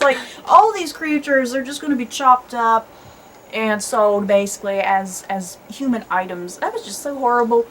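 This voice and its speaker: Higher-pitched woman host chatting about a movie, laughs a lot, slight hiss behind. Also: fairly quick, low-quality recording. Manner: chatty, laughs often, lively swings in pitch. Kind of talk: casual chat.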